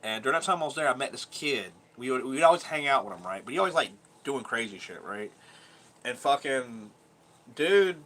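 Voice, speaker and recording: A man's voice: mid-range voice, animated, brisk, bright, forceful tone. A man in his thirties telling a rambling, profane story from his childhood in a casual vlog, laughing now and then. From Georgia, US. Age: 30s. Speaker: vlogger.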